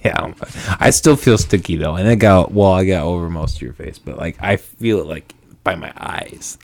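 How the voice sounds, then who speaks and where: A man's voice: deep voice, normal speed, vocal fry, darkish tone. A young man hosting a podcast in casual chat, jokey and self-mocking, laughing often. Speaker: podcast host.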